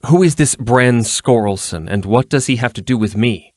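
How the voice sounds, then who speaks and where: A man's voice: medium pitch, normal speed, no echo, studio quality, voice pushed up, natural voice. A man reading an audiobook, voicing a proud, fiery half-elf woman with a raised voice. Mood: demanding. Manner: sharp and demanding.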